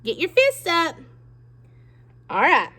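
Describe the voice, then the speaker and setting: A woman teacher giving a phonics lesson to young children, slow and encouraging, pausing for them to repeat words. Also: very high-pitched, wildly swooping pitch, bright, forceful tone. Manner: slow, encouraging, with pauses for pupils to echo.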